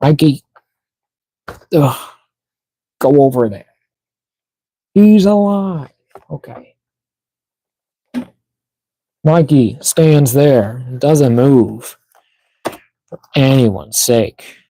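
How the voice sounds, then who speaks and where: A man talks his way through a live-stream toy unboxing at an unhurried, drawn-out pace. His voice is dark and mellow, with a mid pitch. He mutters to himself as he works at the packaging. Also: no room sound, rough recording.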